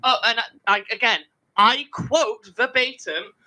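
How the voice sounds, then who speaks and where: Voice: medium pitch, unhurried, pushed and bright, low-quality recording. A podcast co-host telling a work story in casual, sweary chat and mimicking customers.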